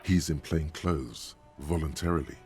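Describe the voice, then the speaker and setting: A man voicing a dry, calm inner-voice narrator in a game, speaking in a measured, gravelly way. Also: faint music behind. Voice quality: deep and gravelly.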